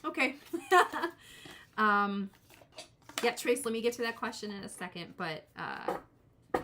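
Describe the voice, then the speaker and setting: A woman in her forties, mid-pitched, talks in a loose, rambling way through a live-stream tarot reading. She often restarts her sentences and turns aside to greet people in the chat. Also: takes it slowly, pushed and bright, slight background noise. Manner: rambling, self-interrupting, talks to chat viewers. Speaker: tarot reader.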